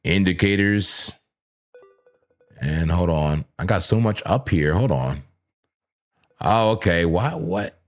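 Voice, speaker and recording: A man's voice: sits low, expressive, slow, pauses often. A man hosting a live trading stream, talking through his charts in a playful, chatty way and speaking straight to viewers in the chat, often repeating words and correcting himself mid-sentence. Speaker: livestream crypto trading host. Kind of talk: casual live chart commentary.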